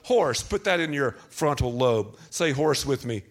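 A man's voice: mid-range voice, measured pace. A middle-aged male pastor preaching a sermon, joking and speaking straight to the congregation. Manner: animated, joking, addresses the congregation directly.

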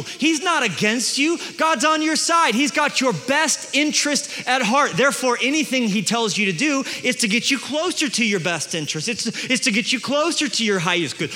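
Male pastor, middle-aged, high bright tenor, emphatic sermon delivery, large reverberant church. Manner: emphatic preacher, swings from hushed to booming. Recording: long hall reverb.

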